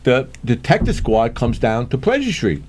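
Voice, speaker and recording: With some background noise present, an older man talks at normal speed in a medium-pitched voice. As a guest in a casual chat, he lively recounts street stories, voicing the people in them and chuckling a lot.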